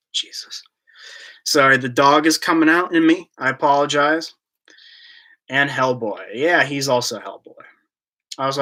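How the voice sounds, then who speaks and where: A man's voice: medium pitch, pushed and bright. A man hosting a casual live-stream Q&A, rambling and joking as he reads out and answers chat questions. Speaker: YouTube collector channel host.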